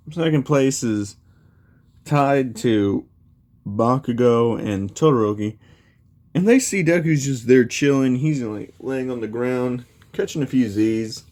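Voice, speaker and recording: A man's voice: medium pitch, darkish tone. A young man casually retelling a fan story, rambling with lots of fillers. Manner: rambling, many fillers like "you know".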